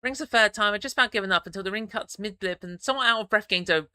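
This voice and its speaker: A man's voice: high-pitched, very fast, bright, forceful tone, clean tone. A man streaming, reading a story game aloud and chatting between passages, with stammering restarts and chuckling asides.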